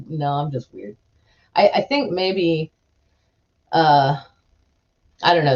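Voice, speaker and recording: A woman's voice: low voice, darkish tone, lo-fi sound. A woman hosting a live stream, chatting casually in a giggly, rambling way with lots of restarts.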